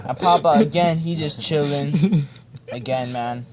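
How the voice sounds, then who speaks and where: A man's voice: fairly high pitch, a little slow, darkish tone. A young man mock-reading a children's storybook aloud, ad-libbing with laid-back slang and joking asides. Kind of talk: comedic ad-libbed storybook reading. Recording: friends chatting and laughing nearby.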